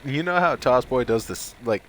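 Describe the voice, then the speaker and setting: A man casually commentates as he streams a horror game, joking crudely with a friend. His voice sits at an ordinary mid pitch. There is a faint hiss in the background. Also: lively intonation, moderate pace, fairly bright tone.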